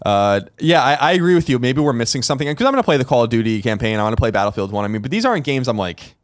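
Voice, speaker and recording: A man's voice: mid-range voice, animated, very fast, dry recording, studio quality. A man co-hosting a podcast, chatting casually and hesitantly, with many restarts. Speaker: podcast co-host. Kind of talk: casual chat.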